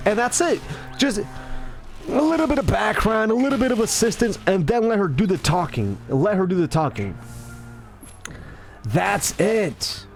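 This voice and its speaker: A man rambling in casual commentary, animated and self-mocking. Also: high voice, fairly quick, faint music behind. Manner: animated, self-mocking, acts out his own lines. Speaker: gaming commentator.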